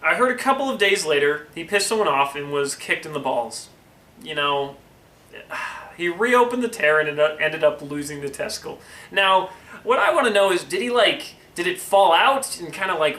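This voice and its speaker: A man's voice: a little high, pushed and bright. Wry young man, echoey room. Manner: wry asides, chuckling, rambling tangents. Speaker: host reading a friend's story. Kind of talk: casual comedic storytelling. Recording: echoey room with faint noise.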